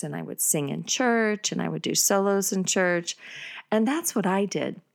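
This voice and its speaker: A middle-aged woman telling a personal story in a casual, animated way, with many fillers and excited bursts. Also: lowish voice, gravelly.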